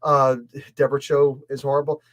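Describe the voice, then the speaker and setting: A man's voice: medium pitch, completely flat delivery, fairly quick. A man from Canada hosting a casual review show, talking in an exasperated, rambling, emphatic way. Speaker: comic and pop culture reviewer.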